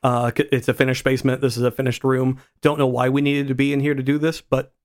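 A man with a middle-pitched voice co-hosts a podcast in relaxed, casual chat. He rambles, often restarts his sentences, and pokes fun at himself. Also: fast. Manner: rambling, self-deprecating, many restarts. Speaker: podcast co-host.

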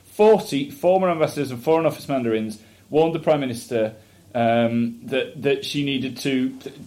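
A man co-hosting a political chat podcast at an ordinary middle pitch. He talks in a sardonic, jokey way and often reads quotes aloud with a wry edge. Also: moderate pace, warm tone. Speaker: podcast co-host.

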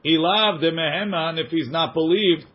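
A man leads a text study class, reading passages fast and translating them line by line while joking with his students. His voice sits a little high, and the recording is dull and lo-fi.

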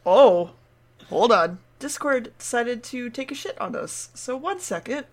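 A woman's voice: a little high, expressive, measured pace. A woman co-hosting a podcast, chatting casually as she recaps an episode, laughing and swearing now and then. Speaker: podcast co-host.

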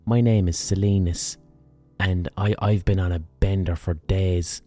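A man's voice: low voice, steady tone, a little slow, dark tone, soft background music. Silenus, a man voicing a hungover old Irish drunk. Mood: weary. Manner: easygoing, swearing, casual slang.

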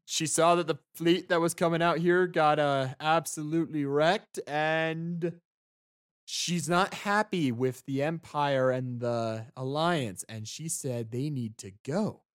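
A man's voice: fairly high pitch, slow pace, clear, resonant tone. A man narrating and voicing characters as game master of a tabletop game, with a hesitant manner. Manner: hesitant, lots of ums and restarts.

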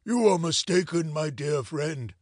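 A man voicing the devil disguised as a hoarse, squeaky old man, mock-friendly and menacing. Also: animated, measured pace, no room sound, studio quality. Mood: sly menace. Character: devil as old man's double, sly and menacing.

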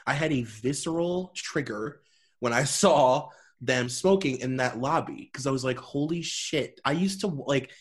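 A man's voice: medium pitch, moderate pace. A man co-hosting a podcast in casual chat, talking emphatically and swearing now and then. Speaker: podcast co-host.

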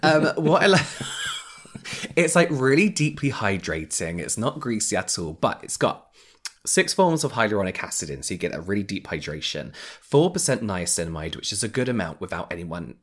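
A man's voice: lowish voice, big pitch swings, moderate pace. A man co-hosting a podcast, talking enthusiastically and casually, rattling off long lists with the odd swear. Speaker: podcast co-host. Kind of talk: casual chat.

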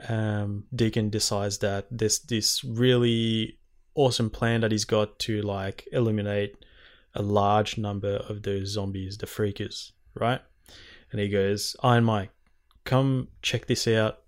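Animated young man ranting. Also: fairly low pitch, measured pace. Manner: animated, swearing, quoting characters in exaggerated voices. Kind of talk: casual chat.

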